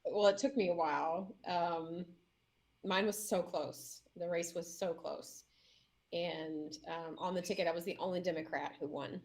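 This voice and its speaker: Animated woman mayor telling a story. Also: fairly low pitch, measured pace. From Indiana. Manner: animated storyteller, acts out voices in shrieks and laughter. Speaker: mayor, guest. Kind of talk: casual interview storytelling.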